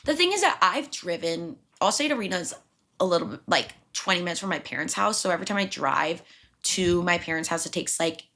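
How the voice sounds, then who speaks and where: A woman's voice: lowish voice, animated, a little fast, pushed and bright. A young woman hosting a podcast, telling a story in a rambling, frantic way and swearing often. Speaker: podcast host. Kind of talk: casual storytelling.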